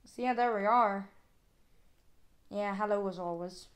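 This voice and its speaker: A woman's voice: medium pitch, a little slow. A woman vlogger chatting casually to her viewers, exclaiming and thinking aloud as she goes. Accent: non-American, with regional word "wee". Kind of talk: casual unboxing chat to viewers.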